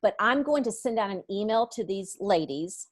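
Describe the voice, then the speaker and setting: A middle-aged woman, a Bible study teacher, telling a story as a guest in a podcast conversation, lively and acting out the voices of others. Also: medium pitch, moderate pace, no echo. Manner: animated, acts out others' voices in her stories.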